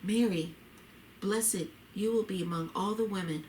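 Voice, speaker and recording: A woman reading the lines of a tender, devout expectant wife in a story, gently and heartfelt. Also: medium pitch, measured pace, a little hiss or hum, natural voice. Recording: roomy echo.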